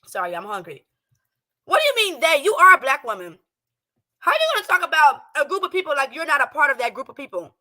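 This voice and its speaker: A woman's voice: very high-pitched, very animated, a little fast, bright, forceful tone. A woman doing casual reaction commentary at home, talking brash, profane and heated. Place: home, a townhouse. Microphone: streaming setup with speakers playing a clip.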